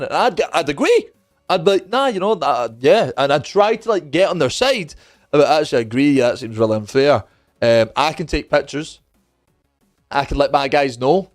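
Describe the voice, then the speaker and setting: A young man with a fairly high voice tells a story in loose, casual chat. He is animated and profane, and he keeps slipping into other people's lines. Faint music plays behind him. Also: normal speed. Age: young adult. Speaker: streamer.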